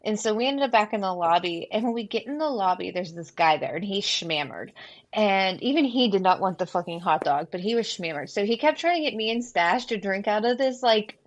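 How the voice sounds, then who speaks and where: A woman's voice: medium pitch, lively intonation, fairly quick. Cheerfully profane woman telling a story. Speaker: podcast guest. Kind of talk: casual chat.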